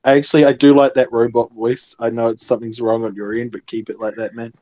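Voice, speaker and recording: Dry, dark-voiced deadpan man. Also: mid-range voice, quick pace, no echo, lo-fi sound. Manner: deadpan teasing jokes.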